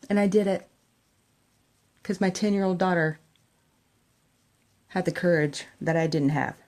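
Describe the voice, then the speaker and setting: A woman's voice: on the low side, unhurried, pauses often, darkish tone. A middle-aged woman chatting emotionally to her camera while doing her makeup, laughing often. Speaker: makeup vlogger. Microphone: camera in front of her.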